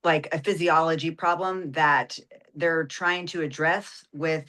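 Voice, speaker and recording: A woman's voice: low voice, steady tone, a little slow, fairly bright tone. A woman, an ER nurse guest, explaining in a radio interview and often adding "right?" and "like".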